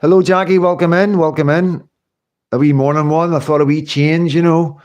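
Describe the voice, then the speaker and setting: A man's voice: fairly high pitch, quick pace, darkish tone. A man hosting a live stream, chatting casually and earnestly to his viewers, rambling, repeating himself, swearing in passing and answering their comments. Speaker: livestream host.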